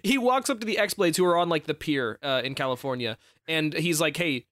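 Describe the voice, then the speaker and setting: A man's voice: a little high, fairly quick, a bit bright, dry recording, studio quality. A man co-hosting a podcast, recapping a movie in casual chat, rambling with restarts and casual swearing. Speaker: podcast co-host.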